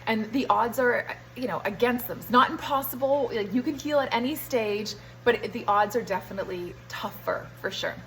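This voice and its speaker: Young woman with a higher voice telling her story. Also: moderate pace, few pauses, a little hiss or hum, rough recording. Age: young adult. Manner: animated retelling, brushing off details with "da, da, da". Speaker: health vlogger. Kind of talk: casual storytelling monologue.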